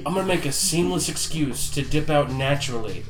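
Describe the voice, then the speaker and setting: Giggly tabletop player, rambling, lively pitch, roomy sound, music. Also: fairly quick. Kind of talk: casual tabletop play.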